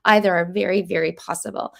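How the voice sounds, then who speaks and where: A woman's voice: on the low side, fairly even intonation, quick pace, creaky, a bit bright. A woman in her forties hosting a podcast interview, speaking earnestly and with emphasis. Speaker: podcast host.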